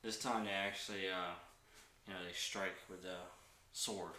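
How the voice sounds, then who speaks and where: Male game master, relaxed narrator, bright tone, roomy recording. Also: deep voice, normal speed, a little hiss or hum. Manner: relaxed, laughs often, fillers.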